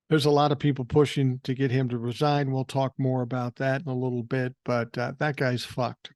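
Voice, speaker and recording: Older man, podcast host, blunt and profane, middle pitch, dry close sound. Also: flat delivery, normal speed, hardly any pauses, a little mellow, no echo. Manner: blunt, profane, opinionated, thinking aloud with fillers. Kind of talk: casual political commentary, reading listener emails.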